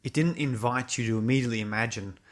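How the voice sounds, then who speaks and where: A man speaks in an even, middle-pitched voice, talking casually about a film. He is thoughtful and searches for his words, often circling back with halting repeats.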